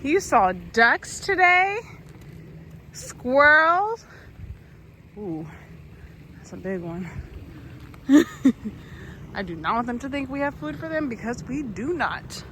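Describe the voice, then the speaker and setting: Upbeat high-voiced young woman outdoors. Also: sing-song, slow, pauses often, bright, forceful tone, a little hiss or hum. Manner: chatty, upbeat, laughs often. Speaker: vlogger filming a child's nature walk. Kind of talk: casual narration to viewers. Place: outdoors in a park by a pond.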